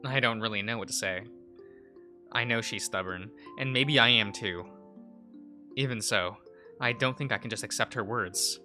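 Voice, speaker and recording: A man's voice: on the low side, normal speed, long pauses, bright, forceful tone, soft background music, pitched below the performer's own voice. A man voicing an insecure young male med student in a visual novel read-aloud, hesitant and self-doubting. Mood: flustered.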